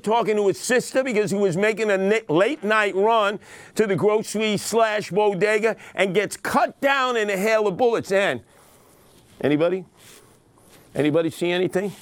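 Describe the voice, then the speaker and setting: A man's voice: high-pitched, smooth, dry recording. A man, hosting a podcast and delivering a dramatic, indignant monologue about crime news, acting out the quotes. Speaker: podcast host.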